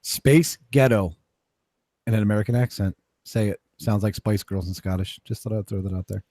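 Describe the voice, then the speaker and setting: A man's voice: lowish voice, level tone, fast, dark tone, no echo, studio quality. A man co-hosting a podcast, talking in a blunt, emphatic, profane way. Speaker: podcast co-host. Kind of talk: casual opinion chat.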